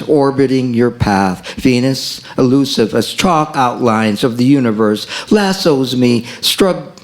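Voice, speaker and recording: A man reads his poetry very slowly at a café open mic, with a voice of middling pitch. He chants in a steady rhythm, repeats lines and draws out key phrases. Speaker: poet.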